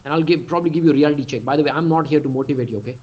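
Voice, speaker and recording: A man's voice: fairly high pitch, very fast, darkish tone, breathy edge. A man in his forties with an Indian accent, giving an emphatic motivational business talk in a webinar and often quizzing his listeners. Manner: emphatic, quizzes audience, stretches key words. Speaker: business coach. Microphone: computer mic on video call. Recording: dull lo-fi webinar audio.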